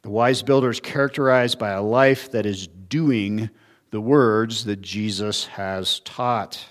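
A man's voice: lowish voice, slow. A man preaching an expository sermon as pastor, in an earnest teaching manner that poses rhetorical questions and shifts his emphasis often.

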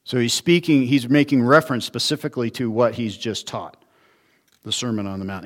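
A man preaching an expository sermon, sounding earnest as he works through the text. He asks rhetorical questions and answers them himself, pressing hard on some words and dropping low on others. His voice sits at an ordinary middle pitch for a man. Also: fairly quick. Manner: earnest teaching, rhetorical questions, varied emphasis. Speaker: pastor.

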